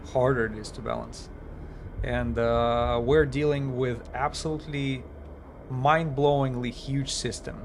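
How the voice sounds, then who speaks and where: A man's voice: mid-range voice, a little hiss or hum. A man chatting casually during a live game stream, thinking aloud with fillers and slightly non-native phrasing, his voice tired after hours of talking.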